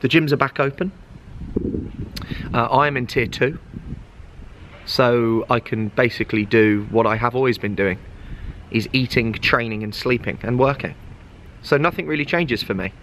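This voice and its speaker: A man's voice: medium pitch, moderate pace, long pauses, a bit bright. A man, a fitness vlogger, chatting casually and jokingly to his handheld phone camera, bantering with himself in a car park and supermarket. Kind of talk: casual vlog chat. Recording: noisy outdoor traffic ambience.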